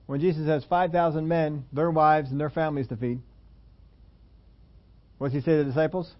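A man's voice: fairly high pitch, fairly even intonation, moderate pace, highs cut off. A man preaching a sermon in a conversational way, slipping into the voices of the people he quotes. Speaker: pastor.

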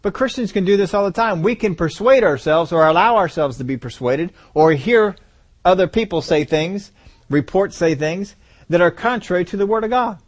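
A man's voice: high voice, animated, normal speed. A man preaching a sermon, asking the congregation rhetorical questions and repeating phrases for emphasis.

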